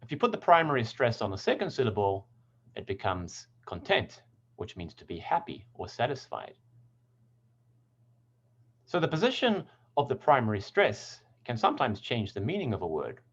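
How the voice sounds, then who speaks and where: A man teaching English pronunciation in a scripted lesson, speaking clearly and deliberately and stressing example words. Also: medium pitch, big pitch swings, fairly bright tone, lo-fi sound.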